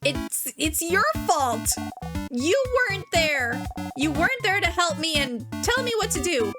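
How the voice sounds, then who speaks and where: A woman's voice: sits high, animated, slow. A woman voicing a young child who is eager but scared, stammering and pleading. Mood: upset. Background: game music.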